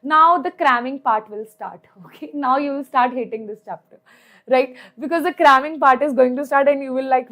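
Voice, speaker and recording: A woman's voice: high voice, normal speed, a bit bright. A young woman with an Indian English accent teaching chemistry in an online exam-prep lecture, chatty, repeating her points and asking "right?" again and again. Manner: chatty, repeats points, asks "right?" often, mixes in Hindi.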